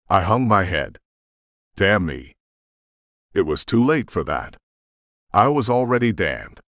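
A man's voice: lowish voice, fairly bright tone, no echo, studio quality. A man narrating a romance audiobook in first person with dramatic, intense storytelling.

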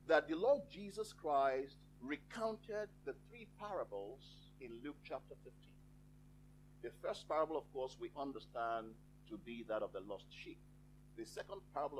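A man preaching a sermon in a church, with slow, emphatic phrasing and dramatic pauses. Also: a little high, slight background noise, low-quality recording.

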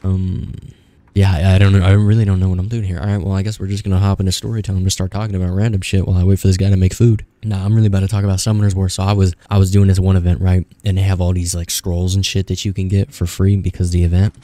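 A man's voice: sits low, little pitch movement, fast, mellow, dry recording. A young man giving casual, profane gameplay commentary, rambling and talking back at the screen. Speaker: gaming YouTuber.

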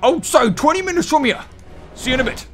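A man's voice: very high voice, animated, fast, faint music behind, pitched above the performer's own voice. A man voicing a drunken, boastful brawler who slurs taunting threats.

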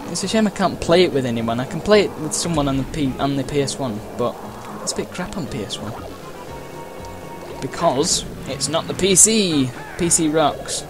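Chatty man narrating a racing game. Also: fairly high pitch. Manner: chatty and rambling, with frequent uhs and playful exclamations. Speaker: gameplay commentator. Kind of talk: casual let's-play commentary. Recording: game music and sound effects behind the voice.

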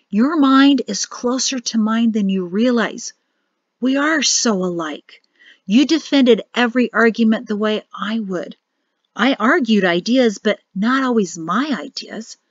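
A woman's voice: on the high side, dry recording. Earnest, nervous young suitor, read by a woman narrator; dry muffled audiobook sound.

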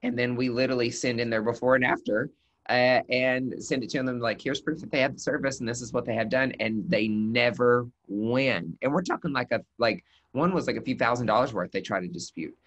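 A man's voice: medium pitch, fairly quick. A man, a nurse injector, chatting casually as a webcast guest and telling stories with acted-out quotes. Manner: animated storyteller, acts out quotes.

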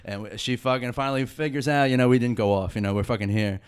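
Animated, profane man in casual chat. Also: medium pitch, fast talker, clear, resonant tone. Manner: animated, profane, keeps asking "you know what I mean?". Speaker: podcast co-host.

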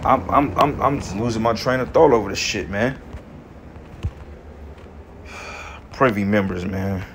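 This man's voice is lowish and a bit bright as he teaches scripture in an angry, profane style, capping phrases with "man" and "okay." He reads verses aloud in a measured cadence, with slight background noise.

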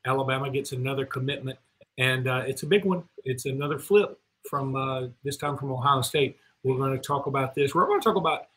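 A man's voice: medium pitch, fairly quick, a bit bright, poor audio. A man co-hosting a casual sports podcast, chatty and folksy with plenty of fillers. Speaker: podcast co-host.

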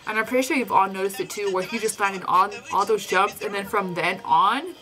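A woman reacting live to a broadcast, excitable and emotional, gasping and sighing often and sounding close to tears. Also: medium pitch, fairly quick, faint music behind, poor audio. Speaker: reaction vlogger.

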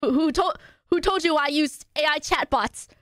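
A young woman streamer with a very high, bright voice, recorded close and dry. She talks loudly and playfully, throwing in dramatic outbursts. It is casual stream chat. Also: moderate pace, no echo.

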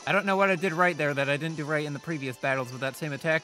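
Male let's-play host, slightly high voice, rambling self-deprecating gameplay chatter over faint game music. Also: quick pace, pushed and bright. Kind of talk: casual gameplay commentary.

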